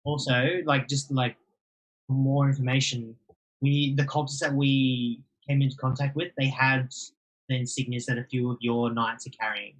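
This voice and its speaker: A man's voice: mid-range voice, level tone, moderate pace, low-quality recording. A man speaking as a player in a tabletop game, hesitant with many fillers. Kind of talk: casual tabletop play.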